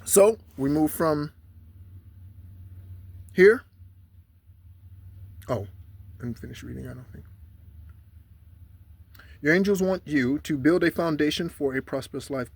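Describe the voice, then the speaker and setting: A man giving casual spiritual guidance, rambling in asides and slowly repeating mantras three times over. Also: a little high, no room sound. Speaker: spiritual channeler.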